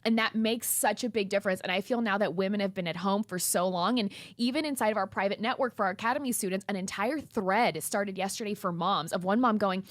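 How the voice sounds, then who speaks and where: A woman's voice: medium pitch, quick pace, few pauses, no room sound. A woman trainer who is a guest on a podcast, talking casually in a frank, blunt way and laughing often. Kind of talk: casual chat.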